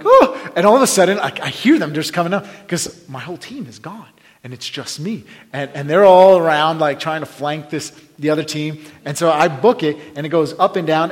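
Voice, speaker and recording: Man preacher, animated storyteller, shouts the sound effects, long hall reverb. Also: a little high. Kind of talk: sermon storytelling.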